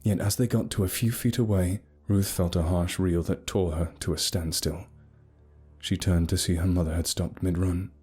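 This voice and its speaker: A man narrating a scripted horror story in a steady, grave storytelling manner. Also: low voice, moderate pace, husky. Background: soft music.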